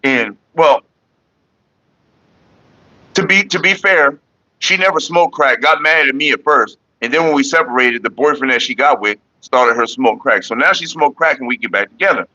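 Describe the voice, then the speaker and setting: A man's voice: medium pitch, normal speed, sharp tone, dull audio. A man hosting his own casual vlog, rambling and joking loosely with his viewers. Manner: loose, joking, talks to viewers and chat by name. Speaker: vlogger hosting a smoking session.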